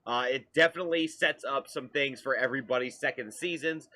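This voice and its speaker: A man's voice: medium pitch, brisk, pushed and bright. A man co-hosting a casual streamed talk show, chatting through news with many fillers. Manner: chatty, newsy, frequent "uh" fillers. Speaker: co-host.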